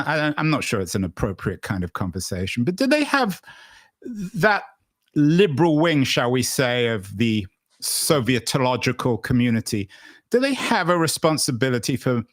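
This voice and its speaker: A man's voice: medium pitch, dry recording, studio quality. A male interview host asking long, winding questions full of hedging asides.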